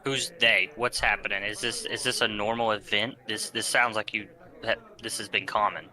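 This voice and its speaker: A man's voice: on the low side, fairly even intonation, normal speed, sharp tone. A man playing a tabletop game, eager and laughing, often stammering over his words. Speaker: player.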